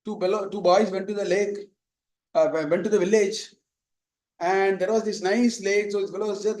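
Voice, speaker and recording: A man's voice: high voice, fairly even intonation, moderate pace, darkish tone, reverberant, poor audio. A man teaching a Vedanta lesson in a conversational, digressive way, telling stories and quoting Sanskrit verses. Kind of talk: spoken scripture lesson.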